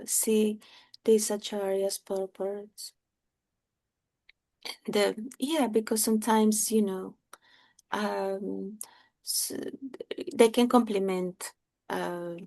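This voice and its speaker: Slow, gravelly woman asking hesitantly. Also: mid-range voice, mellow, no room sound. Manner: halting, many "um" and "uh" pauses. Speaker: class participant. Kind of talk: hesitant question in study group.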